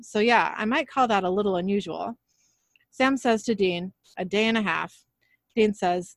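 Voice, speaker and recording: A woman co-hosting a podcast, casually retelling an episode scene by scene and reading the dialogue aloud in a plain, even way. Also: mid-range voice, no room sound, clean studio sound. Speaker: podcast co-host recapping an episode.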